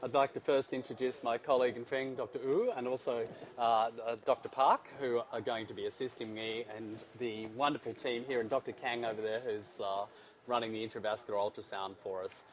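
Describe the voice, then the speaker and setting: An Australian man walks listeners through a live procedure in plain clinical terms. He hesitates often with small fillers but stays relaxed and self-deprecating. His voice sits at an ordinary middle pitch. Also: fairly quick. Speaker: operator doctor in a live case. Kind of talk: live case commentary.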